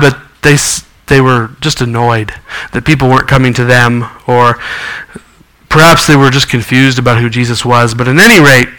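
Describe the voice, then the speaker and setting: Bright-voiced preaching man. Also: medium pitch, fairly even intonation, normal speed, poor audio. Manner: earnest preaching with scripture reading and acted quotes. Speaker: pastor. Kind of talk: sermon.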